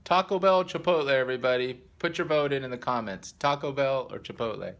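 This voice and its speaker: A woman's voice: a bass voice, fairly quick. A middle-aged woman and mother joking around in a casual family vlog, playful and teasing. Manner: playful, joking, sings off-key. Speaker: vlogger, mother.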